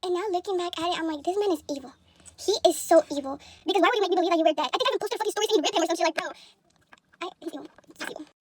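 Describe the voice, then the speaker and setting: A young woman telling a casual storytime into a phone, animated and profane, with lots of fillers. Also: very high voice, very fast.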